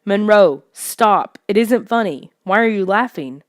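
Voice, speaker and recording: A woman's voice: expressive, moderate pace, no echo, clean studio sound. Woman voicing a frantic, stammering scared kid. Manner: stammering, high and pleading. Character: frightened young kid, frantic and accusing.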